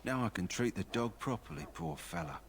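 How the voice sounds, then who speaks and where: A man with a London accent voicing a calm, practical kennel master in a video game. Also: on the low side, fairly quick, slight background noise, close to an everyday voice. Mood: matter-of-fact. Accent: London English. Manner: steady, matter-of-fact.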